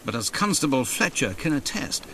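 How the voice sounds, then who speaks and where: A man's voice: mid-range voice, big pitch swings, normal speed, background noise. A man voicing Dr Watson as an earnest, loyal Victorian companion in a game, with a proper manner. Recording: game audio under music.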